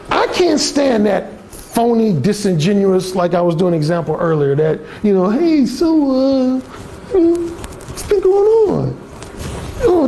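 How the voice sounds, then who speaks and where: Guy with a high lively voice telling blunt stories to a crowd, bit of gravel, faint hiss. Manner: blunt, profane, acts out other voices. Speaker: dating coach giving a talk. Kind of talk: live seminar storytelling to a room.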